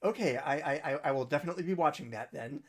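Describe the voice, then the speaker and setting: Speaking fast in a fairly high male voice, a musician runs a livestream. His talk is loose and chatty as he rambles through recommendations, tossing in quiet asides that trail away.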